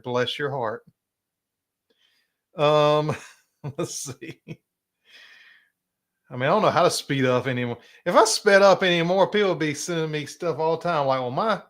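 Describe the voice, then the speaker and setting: Chatty South Carolina man, higher voice. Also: a bit bright. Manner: chatty, drawling, frequent throat-clearing and laughs. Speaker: host. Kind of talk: casual live-stream chat.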